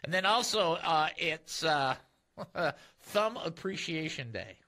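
A male radio host with a bright, ringing voice and a lively, swooping delivery. He jokes and laughs a lot as he chats in the studio. His pitch sits slightly above the usual for a man. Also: takes it slowly. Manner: jokey, laughs often, animated. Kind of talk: casual Christian radio talk.

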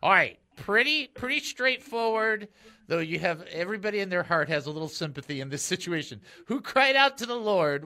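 Male radio host, bright timbre, bouncy playful studio banter. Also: high voice, a little fast. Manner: jokey, laughs often, animated. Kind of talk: casual Christian radio talk.

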